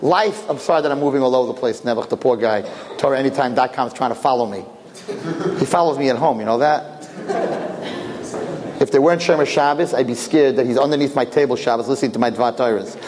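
A male rabbi giving a sermon as a lively story, jumping into voices and joking with his listeners. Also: medium pitch, quick pace. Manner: animated, acts out voices, jokes with listeners. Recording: long reverb, faint background noise.

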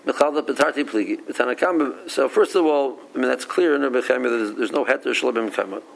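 Male Talmud teacher lecturing, fry in the voice, thinks out loud with restarts. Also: mid-range voice, quick pace, rough recording. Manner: reasoning aloud, mixing English with Aramaic and Hebrew terms; frequent restarts and repeated words.

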